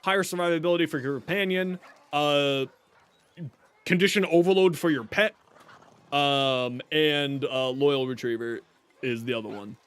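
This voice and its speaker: A man's voice: a little high, moderate pace, a bit bright, clean tone. A male streamer giving casual gameplay commentary, a chatty storyteller who laughs often, talking into a desk mic.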